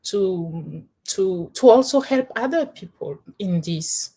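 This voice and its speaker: A woman from Benin speaks as a panel guest in a personal discussion. She talks in an animated way, laughing easily and often restarting her sentences. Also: medium pitch, slow, breathy edge.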